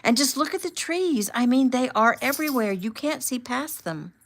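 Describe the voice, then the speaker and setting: A woman voicing an excited, talkative young woman from California in an audiobook, eager and chatty. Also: medium pitch, normal speed, close to an everyday voice.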